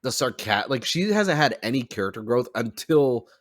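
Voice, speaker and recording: A man's voice: mid-range voice, lively intonation, moderate pace, no echo, studio quality. A man hosting a podcast in casual chat, rambling with lots of "like" fillers. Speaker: podcast host.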